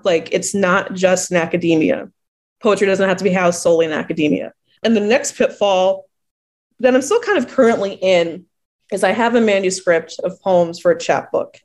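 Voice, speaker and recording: A woman from New Jersey with a fairly low, darkish voice is being interviewed as a poet. She chats casually, laughs often, and acts out the people she quotes.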